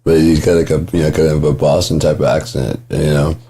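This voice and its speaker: Low husky guy rambling on camera, cussing a lot and chuckling, dark mellow voice. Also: flat delivery, brisk. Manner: rambling, profane, chuckles often. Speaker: vlogger. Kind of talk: gentle casual monologue.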